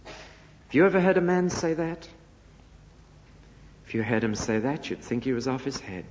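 A man's voice: medium pitch, expressive, moderate pace. A man preaching an expository sermon emphatically, with rhetorical questions and dramatic rises and drops in his voice. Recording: echoey hall, dull lo-fi sound.

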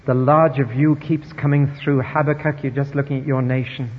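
A man preaching a sermon, emphatic and wry, dropping quiet then rising loud, in a dull, echoey hall recording. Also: medium pitch, flat delivery, normal speed, breathy edge.

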